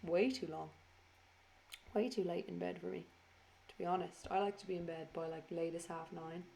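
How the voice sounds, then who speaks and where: Tired woman rambling thru a craft video voiceover, lowish voice, swears a lot, teases herself. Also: fairly even intonation, moderate pace, gravelly, mellow, slight background noise. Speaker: crafter narrating her video. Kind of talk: casual voiceover chat.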